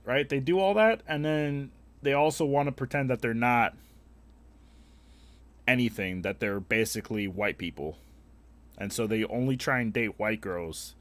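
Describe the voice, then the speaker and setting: A man's voice: medium pitch, moderate pace, fairly bright tone, no room sound. A young man streaming a game, chatting casually with viewers in a rambling, profane, opinionated way. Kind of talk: casual live-stream chat while gaming.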